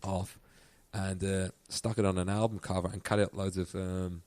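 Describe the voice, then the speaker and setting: A man's voice: deep voice, flat delivery, normal speed, darkish tone. A man from Ireland with an Irish accent, a guest musician telling a story in casual chat and laughing often.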